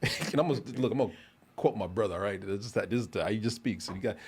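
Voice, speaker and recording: A man hosting a podcast, telling a story in a casual, animated way, laughing often and getting loud when he quotes people. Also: on the low side, fast, husky. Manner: animated, laughs often, shouts when quoting his brother. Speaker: podcast host.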